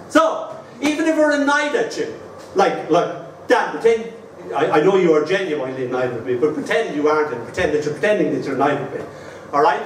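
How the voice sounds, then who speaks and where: A man's voice: high voice, expressive, a little hiss or hum. Irish man reciting poems in an echoey hall. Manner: wry, slow, measured recitation. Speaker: poet. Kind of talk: live poetry reading with anecdotes. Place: live performance venue. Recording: roomy hall from far off.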